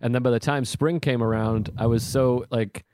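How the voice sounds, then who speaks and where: A man talks easily with a guest on his podcast, jokey and a little rambling, dropping swear words as he goes. His voice sits at a middling pitch and is recorded close and dry, with no room sound. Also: fairly even intonation, normal speed, darkish tone, no room sound. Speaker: podcast host, comedian. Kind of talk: casual podcast chat.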